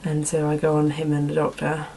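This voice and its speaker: A young woman answers viewer questions in a casual vlog, her low-pitched voice warm but monotone and brisk. She uses a put-on accent that isn't her own and rambles with many "like"s and "um"s. The recording is rough, with slight background noise.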